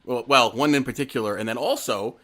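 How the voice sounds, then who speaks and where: A man co-hosts a relaxed podcast and talks at a quick clip in a mid-range voice. He frames history as a puzzle for his partner and keeps slipping jokes in along the way. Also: medium pitch. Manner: quick, joking storyteller who presents history with a teasing hook. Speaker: podcast co-host. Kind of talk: casual podcast chat.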